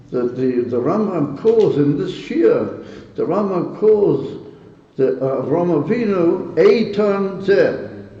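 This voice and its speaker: A man with a high yet mellow voice leads a gathering as its rabbi. He teaches earnestly and emotionally, tosses questions at his listeners and chuckles between points. The recording is dull and lo-fi, with long reverb from a synagogue hall. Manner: stirred and emotional about the topic. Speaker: rabbi leading a Hasidic gathering. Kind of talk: informal teaching talk to a gathering. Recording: echoey hall, dull lo-fi sound.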